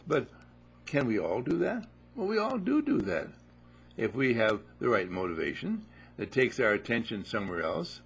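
A man's voice: medium pitch, huge pitch swings, moderate pace, vocal fry, fairly bright tone, husky, dull audio. A man giving a spoken teaching talk, telling playful stories and repeating his phrases for effect. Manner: playful, repetitive storytelling.

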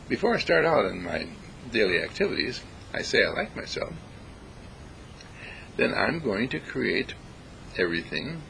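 A man giving a reflective spiritual talk, deliberate and emphatic, repeating phrases to stress them. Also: on the low side, vocal fry, pushed and bright, slight background noise, poor audio. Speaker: spiritual speaker.

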